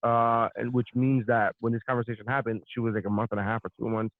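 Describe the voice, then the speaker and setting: A man's voice: mid-range voice, flat delivery, quick pace, no echo. Man on a tinny phone-like line. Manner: rambling, laughing, swearing freely. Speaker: podcast co-host. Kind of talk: casual storytelling chat.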